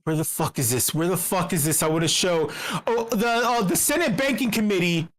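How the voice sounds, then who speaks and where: A woman talking in a casual livestream, telling a story in a profane, excitable way, her pitch jumping when she gets worked up. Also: a little fast.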